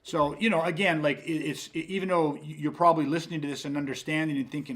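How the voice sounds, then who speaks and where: A man's voice: fairly high pitch, fairly even intonation, quick pace, hardly any pauses, a bit bright. Emphatic, swearing male podcast host. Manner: emphatic, profane, rambling with restarts. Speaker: podcast host and self-defense instructor. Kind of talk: casual podcast explanation.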